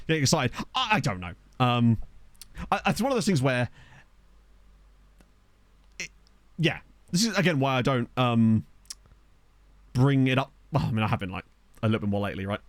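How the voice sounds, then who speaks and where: Fast-talking british guy streaming a football manager game, bouncy lively voice, dry close mic, chatty with his viewers. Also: medium pitch, no echo. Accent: neutral British English. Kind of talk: casual live-stream chat. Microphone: desktop USB microphone.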